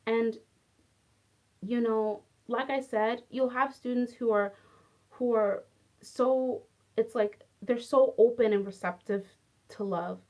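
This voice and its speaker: A woman's voice: on the high side, slow pace, long pauses. A young adult woman, a former English teacher, casually telling personal stories with lots of "like" and plenty of feeling. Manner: chatty, heavy use of "like", animated and affectionate. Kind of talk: casual storytelling vlog.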